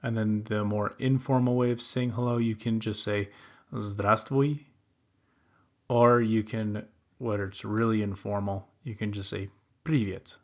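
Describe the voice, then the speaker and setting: A man teaching beginners in an unhurried, patient way, repeating each phrase several times so learners can follow. His voice sits in a middle register. The recording sounds a little dull and lo-fi. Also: lowish voice, steady tone. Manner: slow, repeats words carefully for learners. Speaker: language teacher. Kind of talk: beginner language lesson.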